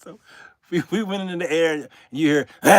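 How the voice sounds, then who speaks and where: An older man hosts his own show, telling his viewers a comic story with lots of animation and laughing through his own punchlines. His voice sits on the high side, and the studio-quality recording has no echo.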